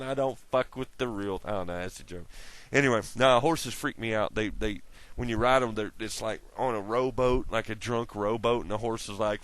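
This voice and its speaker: A man's voice: fairly low pitch, fairly even intonation, normal speed, a bit bright, no room sound. A man rambling through a casual monologue to his camera, swearing often, laughing at his own jokes and jumping from tangent to tangent. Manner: profane, laughing, jumps between tangents. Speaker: vlogger.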